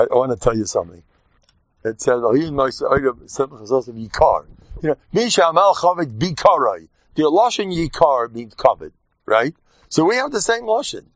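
A man giving an informal, joking Torah talk to his class, lively and animated. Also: fairly high pitch, no echo. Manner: animated, jokey, mixes Yiddish and Hebrew terms. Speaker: rabbi teaching a class. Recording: dull dry lo-fi sound.

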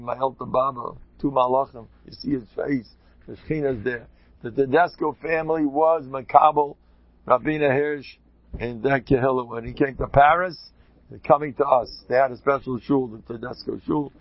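A man, a rabbi, giving an informal talk to a group, an animated, joking storyteller who sprinkles in Yiddish and Hebrew terms. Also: medium pitch, moderate pace, no room sound, lo-fi sound.

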